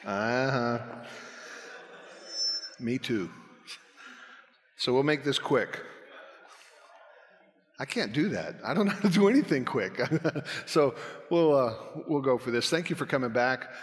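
A man's voice: medium pitch, lively intonation, a little slow, pauses often. A man giving a folksy, self-deprecating church talk as a guest speaker on apologetics. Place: church hall. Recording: long hall reverb.

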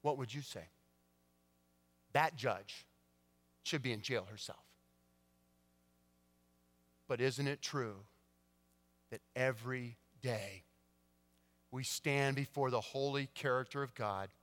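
A male pastor preaching a sermon, swinging between hushed, quiet passages and emphatic, rising declarations. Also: mid-range voice, takes it slowly, long pauses. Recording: long church-hall reverb.

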